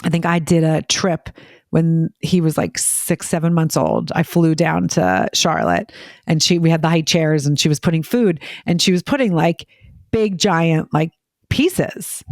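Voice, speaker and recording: A woman chatting casually as a parent on a podcast, telling quick, filler-heavy stories and acting out what people said. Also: low-pitched, animated, darkish tone, no echo, studio quality. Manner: rapid, filler-heavy storytelling, acting out quoted voices. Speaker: parent guest.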